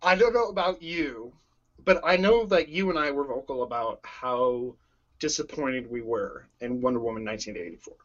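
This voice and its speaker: A man in casual conversation about a superhero movie, excitable and gushing, often laughing. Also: medium pitch, moderate pace, highs cut off. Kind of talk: casual movie review chat.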